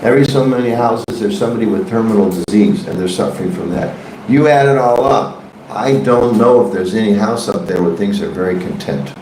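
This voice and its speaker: A man's voice: on the low side, fairly quick, darkish tone, a little hiss or hum. A man teaching a devotional scripture class in a temple hall, conversational and joking, questioning his audience. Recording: echoey room.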